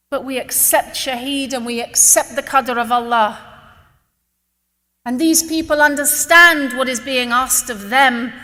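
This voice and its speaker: A woman giving an impassioned religious talk to a gathering, telling a personal story in an earnest, emotional way and slowing down to stress key words. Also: high-pitched, sharp tone. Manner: earnest, emotional, slows down for emphasis. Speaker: speaker addressing a religious gathering. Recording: long reverb of a large hall.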